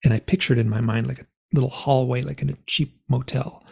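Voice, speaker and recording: A man recounting a personal story as a guest in a conversation. His voice is gravelly and husky with a dark tone. He acts out the remembered dialogue and leaps high in pitch for the voices he quotes. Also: fairly even intonation, brisk. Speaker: interview guest.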